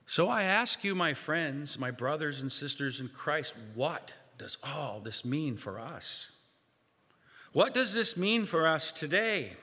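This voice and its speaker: A man delivers a sermon in a slow, deliberate cadence, his fairly high, bright voice carrying through a church. Long reverb trails each pause as he poses questions to the congregation. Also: sing-song, slightly rough. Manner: slow, measured, guided pauses with rhetorical questions. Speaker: preacher. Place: church sanctuary.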